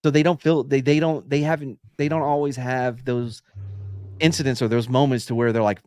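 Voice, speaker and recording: A man chatting on a casual podcast, telling stories about police work, sometimes dropping to a low, calm voice to show how he'd talk someone down. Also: fairly quick, clear, resonant tone, no echo, studio quality. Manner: relaxed storytelling, drops tone to mimic calm talk, swears freely. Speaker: podcast co-host, former police officer.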